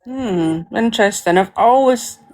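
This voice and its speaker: A woman with an East Coast Scottish accent in casual chat, talking loosely with a lot of "like" and quick laughs. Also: on the high side, expressive, a little mellow. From Scotland. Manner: chatty, fillers of "like", laughs easily.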